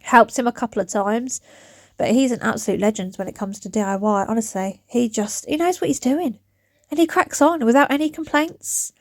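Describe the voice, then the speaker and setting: A woman of about forty, a DIY vlogger, chats rambly to her phone camera from her back garden, her throat growing dry. Her voice sits a little high, her pace is normal, and there's no room sound at all.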